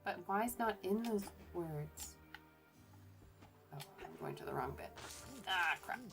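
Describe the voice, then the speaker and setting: A woman's voice: mid-range voice, expressive, a little slow, fairly bright tone, faint music behind. A woman archaeologist giving casual commentary while streaming a game, chatty and hesitant, often correcting herself.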